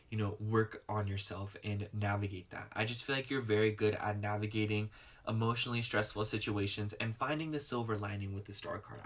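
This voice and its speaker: A man giving a casual, rambling tarot reading to his viewers, full of "you know" and "like.". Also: on the low side. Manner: murmurs softly while shuffling and pulling cards. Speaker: tarot reader.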